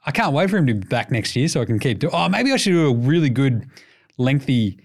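A man's voice: mid-range voice, sing-song, fast. A man with an Australian accent hosting a casual basketball podcast, rambling, swearing and joking. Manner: profane, rambling, jokey. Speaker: podcast host. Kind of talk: casual sports commentary.

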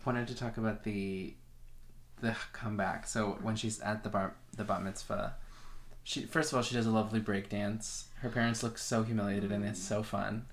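Gravelly-voiced woman in casual movie chat. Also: rumbling low, fairly even intonation, normal speed. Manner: chatty, quotes scenes in playful voices.

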